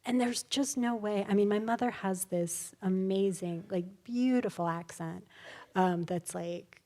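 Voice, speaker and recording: Woman, author at a live talk, chatty, animated, lots of ums and likes, mid-pitched voice. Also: a little slow. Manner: animated, chatty, full of fillers and laughs. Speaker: author guest at a public talk. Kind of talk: casual live storytelling. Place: live event before an audience.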